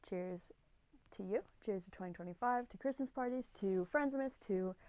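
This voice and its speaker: A woman in her twenties co-hosting a podcast, chatting casually on her own in a gushing, excitable and rambling way. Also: medium pitch, measured pace, no echo. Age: 20s. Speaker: podcast co-host. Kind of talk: casual solo podcast chat.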